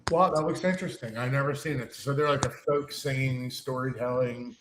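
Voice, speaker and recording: A man's voice: mid-range voice, brisk, a bit bright. Chill agreeable guy, echoey room, bit of faint noise behind him. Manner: easygoing, agreeable, affirming. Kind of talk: casual chat.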